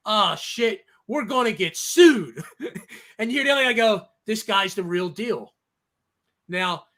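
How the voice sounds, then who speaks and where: A man with a notably high voice hosts a casual talk discussion. He talks emphatically, drives each point home with a quick "okay?", and acts out the voices of people in his stories. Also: sharp tone. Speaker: host.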